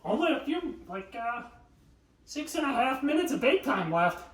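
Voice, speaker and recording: A man's voice: very high voice, sing-song, moderate pace. Guy bantering with his stream chat, voice jumps all over, kinda far from the mic in a roomy kitchen. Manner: joking, bantering with chat, laughs often. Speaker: livestream cooking host. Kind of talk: casual live-stream chat with viewers. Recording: echoey room, voice off-mic.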